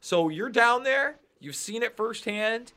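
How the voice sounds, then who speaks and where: A man co-hosting a live-stream podcast, briskly reading viewer names and thanks with a joking manner. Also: extremely high pitch, lively intonation, pushed and bright. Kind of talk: casual live-stream chat.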